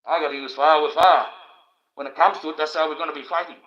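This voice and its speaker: A man's voice: a little high, steady tone, quick pace, fairly bright tone. An Australian man ranting on a livestream, crude and profane, rambling with stumbling restarts. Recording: dull lo-fi stream audio.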